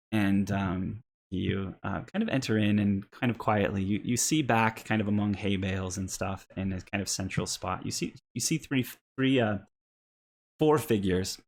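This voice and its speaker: A man's voice: fairly low pitch, moderate pace. A man narrating a tabletop role-playing game as game master, rambling with many ums and restarts.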